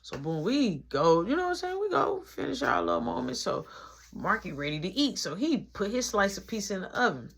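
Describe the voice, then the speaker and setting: A woman telling a story in a casual storytime vlog, in a slangy, animated manner. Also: mid-range voice, fairly quick, husky.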